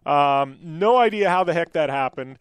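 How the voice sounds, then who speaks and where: A middle-aged man hosts a motorsports-style radio show and rambles through a story, full of restarts and "um"s. His voice sits a little high for a man. The recording is dry and close, with no room sound. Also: expressive, normal speed, smooth, dry recording. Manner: rambling, many fillers and restarts. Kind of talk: casual radio chat and storytelling.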